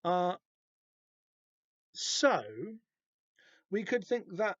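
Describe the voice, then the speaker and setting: A man's voice: on the high side, normal speed, pauses often, no echo, highs cut off. A man hosting a podcast, giving casual, rambling and wry comic book commentary that keeps interrupting itself. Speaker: podcast host.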